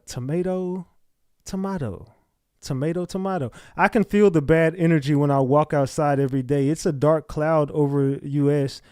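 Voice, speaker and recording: Blunt, profane livestream host, dry sound. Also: male voice, fairly high pitch, darkish tone, clear, resonant tone, no echo. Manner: blunt, profane, confrontational with chat. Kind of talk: casual livestream chat reading comments.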